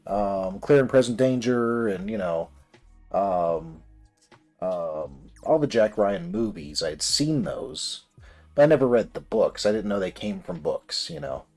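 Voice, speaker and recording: A man's voice: lowish voice, lively intonation, measured pace, vocal fry, darkish tone, faint music behind. A man telling a long personal story in a rambling, casual way while building a model kit on a livestream. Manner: rambling, many fillers and restarts.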